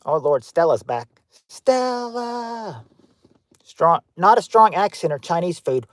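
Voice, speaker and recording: A man's voice: fairly high pitch, lively intonation, normal speed, no room sound. A man hosting a livestream game show, reading out viewers' guesses and greeting them by name in an offhand, chatty way. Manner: offhand, with frequent fillers and restarts.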